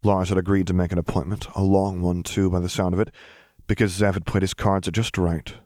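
A man narrating fan fiction in an even, measured reading. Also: sits low, no echo, studio quality. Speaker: audiobook narrator.

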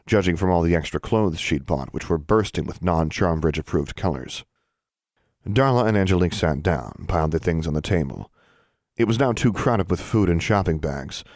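A man reading a novel aloud in an expressive storytelling style, as an audiobook narrator. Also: sits low, dry recording. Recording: dry close studio sound.

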